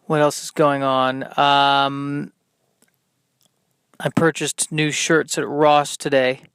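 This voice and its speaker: A man hosting a solo podcast, rambling through deadpan, self-deprecating asides. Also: mid-range voice, takes it slowly, clear, resonant tone, no room sound. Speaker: podcast host. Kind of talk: solo comedic monologue.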